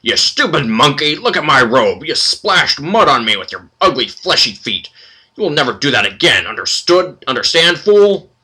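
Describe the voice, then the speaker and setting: A man voicing a furious old stooped male minotaur lord from a computer game, ranting and shouting insults in a raised, loud voice. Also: mid-range voice, very animated, normal speed, breathy edge, heavily acted.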